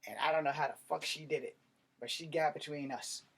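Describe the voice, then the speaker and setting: Man, slightly high voice, blunt, profane, animated storytelling. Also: fairly quick. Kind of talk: casual storytelling monologue.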